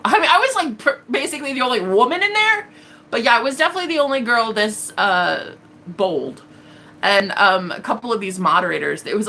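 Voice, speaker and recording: A woman's voice: on the high side, pushed and bright, slight background noise. A woman hosting a tarot livestream, speaking bluntly and defiantly, with plenty of profanity and acted-out quotes. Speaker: tarot reader and livestream host. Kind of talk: casual livestream monologue.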